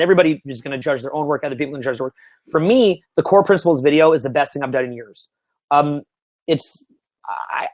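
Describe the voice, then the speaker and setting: It's casual coaching talk to camera: a man in his thirties, a dating coach, sits in a small indoor room speaking loosely and animatedly, with plenty of swearing and laughter. His voice is a little high, and there's no room sound.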